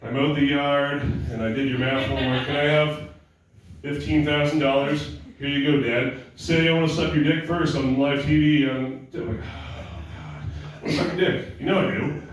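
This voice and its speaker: A man's voice: on the high side, fairly even intonation, moderate pace. A young man doing a crude, rambling, self-mocking stand-up set at a comedy show. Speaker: stand-up comic. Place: comedy club stage. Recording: echoey room, far from mic, noisy.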